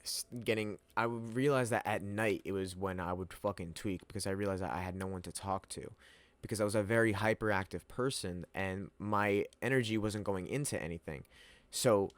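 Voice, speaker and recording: A man's voice: fairly low pitch, brisk, no room sound. A young man telling a rambling personal story, full of slang, swearing and laughter. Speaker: vlogger. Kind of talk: casual storytelling to camera.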